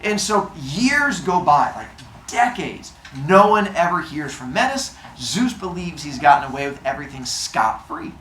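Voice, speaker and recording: A woman's voice: low-pitched, sing-song, measured pace, a bit bright, slight background noise. A woman telling a myth in a casual, jokey way, full of asides and acted-out voices. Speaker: storyteller. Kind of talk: casual comic retelling of a myth. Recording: roomy echo, faint ambience.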